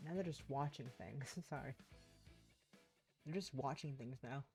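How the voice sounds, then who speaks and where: A woman's voice: a bass voice, unhurried, darkish tone, faint music behind. Rambling woman streamer with sore throat. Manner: rambling, self-interrupting, chatty. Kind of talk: casual gameplay chat. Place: home.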